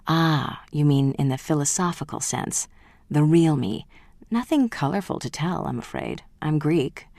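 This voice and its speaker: A reader voicing a smooth, charming Greek heir. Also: mid-range voice, animated, measured pace, darkish tone, no echo.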